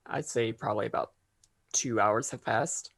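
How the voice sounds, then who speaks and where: A man's voice: fairly low pitch, moderate pace, creaky, a bit bright, breathy edge. A man narrating as game master for a tabletop game, hesitant and full of fillers.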